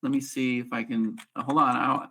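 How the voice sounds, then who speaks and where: Host, man, joking folksy teacher, gravelly and bright, on a video call. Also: medium pitch, flat delivery, a little fast. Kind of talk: casual teaching on a group call.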